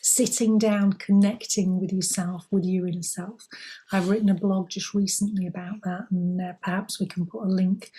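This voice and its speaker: Gentle, husky-voiced woman. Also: medium pitch, fairly even intonation, normal speed. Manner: gentle, reassuring, encouraging. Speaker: spiritual co-host. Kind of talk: calm advice talk.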